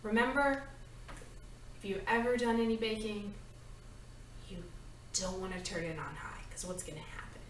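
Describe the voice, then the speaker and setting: A woman's voice: medium pitch, steady tone, normal speed, pauses often, background noise. Woman, home baker, chatty step-by-step tutorial; distant mic, echoey kitchen. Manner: chatty, talks through each step while working. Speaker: home baker demonstrating a recipe. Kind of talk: casual cooking tutorial.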